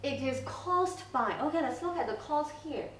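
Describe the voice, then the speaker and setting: A woman teaching an English class, explaining slowly and checking in with frequent okays. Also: high voice, expressive, a bit bright. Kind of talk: classroom lesson recording. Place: school classroom. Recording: roomy classroom, from a distance.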